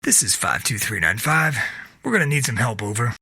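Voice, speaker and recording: A man reading the lines of a firm, calm male squad commander who gives orders. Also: medium pitch, brisk, vocal fry, breathy edge, dry recording, studio quality, full character voice.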